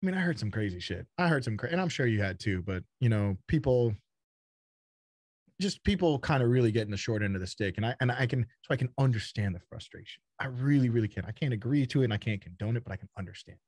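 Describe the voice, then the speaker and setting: A man from Texas speaks as a podcast guest in a blunt, casual way, cursing freely and circling back over his own words. His pitch swings widely from low to high as he talks. The sound is close and dry, with no room echo. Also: fast talker, slightly rough. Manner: animated, blunt, swears, repeats words. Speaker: startup founder guest.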